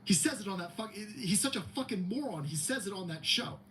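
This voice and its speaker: A male livestream host, mocking and swearing through a comedic rant, with a high, lively voice that jumps around. Faint hiss sits underneath. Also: brisk. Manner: mocking, heavy swearing, animated.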